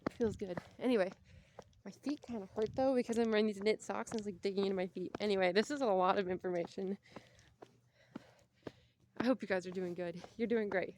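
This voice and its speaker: A woman's voice: medium pitch, brisk, long pauses, a little mellow, slight background noise. A young woman vlogging casually while out walking, chatty and rambling, and out of breath. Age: young adult. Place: outdoors on a walk.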